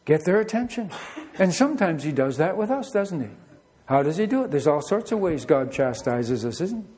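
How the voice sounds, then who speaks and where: Man preaching a chatty sermon, somewhat high voice. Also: very animated, normal speed, mellow, a little hiss or hum. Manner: conversational storytelling with rhetorical questions. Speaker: pastor.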